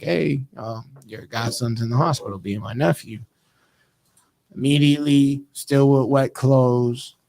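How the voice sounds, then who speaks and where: A man co-hosting a podcast, telling a story in an animated, emphatic, slangy way. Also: medium pitch. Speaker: podcast co-host. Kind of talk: casual storytelling. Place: podcast studio.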